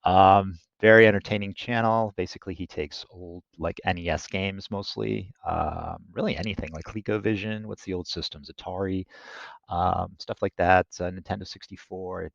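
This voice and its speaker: A man with a deep, gravelly voice that drops into fry as he rambles through his channel recommendations, stopping and restarting often. The recording sounds dull and dry, with no room around it. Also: fairly even intonation, moderate pace, no room sound. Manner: rambling, with many fillers and restarts. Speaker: channel host. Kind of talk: casual recommendations.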